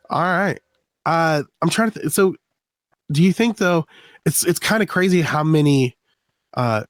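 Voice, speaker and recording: A man's voice: mid-range voice, dry recording. A man from the US East Coast co-hosting a podcast, chatting casually, joking and laughing often as he rambles. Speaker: podcast co-host. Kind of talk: casual chat.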